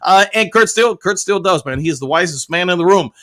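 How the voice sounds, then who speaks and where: Upbeat high bright-voiced male host. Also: lively intonation, fast talker. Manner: upbeat, chatty, throws in loud whoops. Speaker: show host. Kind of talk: casual livestream chat, reading viewer comments.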